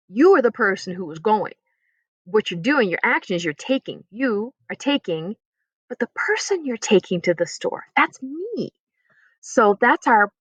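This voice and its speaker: A woman's voice: mid-range voice, a bit bright, dry recording, highs cut off. A woman teaching a recorded online French lesson, explaining patiently step by step and encouraging her students.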